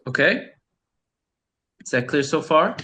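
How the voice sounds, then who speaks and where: A man gives a beginner Arabic lesson over a video call, patiently repeating each word and explaining its sounds. His voice is fairly high, bright, and forceful, very animated yet slow.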